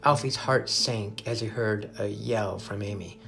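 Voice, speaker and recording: A man reading a children's adventure chapter aloud, expressive and dramatic. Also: on the low side, a little slow, creaky, soft background music. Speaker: narrator. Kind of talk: storybook reading.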